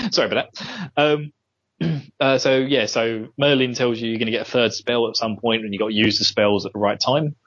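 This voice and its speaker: A man's voice: expressive, normal speed, fairly bright tone, breathy edge. A man co-hosting a casual podcast chat on a headset, recapping an episode and laughing often. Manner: giggly, acts out quotes in high voices. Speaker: podcast co-host. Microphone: Bluetooth headset. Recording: dull lo-fi headset audio.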